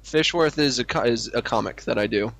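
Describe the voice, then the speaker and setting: A man's voice: mid-range voice, a little fast, fairly bright tone. A man co-hosting a crude comedy chat, speaking in a dry, mock-prim way with lots of hesitations. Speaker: co-host.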